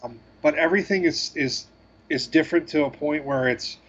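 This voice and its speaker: A man co-hosting a gaming podcast, talking in a rambling, halting way with self-deprecating asides. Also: a little high, a bit bright, slightly rough, lo-fi sound. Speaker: podcast co-host. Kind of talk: casual chat.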